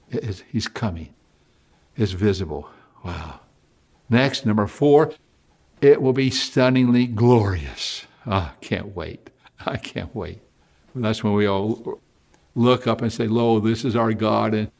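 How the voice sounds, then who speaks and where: A man preaching a sermon, reading Bible verses with excitement and dropping to hushed asides between passages. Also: lowish voice, creaky.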